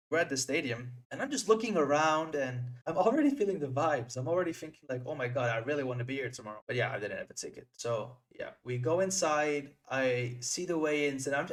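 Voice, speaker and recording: A young man vlogger telling an excited storytime to camera. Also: medium pitch. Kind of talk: storytime narration.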